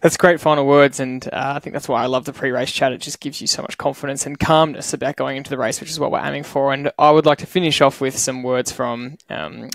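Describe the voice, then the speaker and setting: A young Australian man talks quickly and with enthusiasm, his voice showing a gravelly fry. He tells a story the way a podcast host does. The sound is dry and close. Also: medium pitch, steady tone, dry recording. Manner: enthusiastic storytelling, wrapping up the show. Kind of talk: casual podcast chat.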